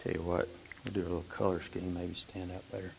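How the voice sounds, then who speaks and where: A man teaching a group how to study scripture, animated and repeating words for emphasis. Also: low-pitched, fast talker, gravelly, a little hiss or hum. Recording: dull lo-fi room recording.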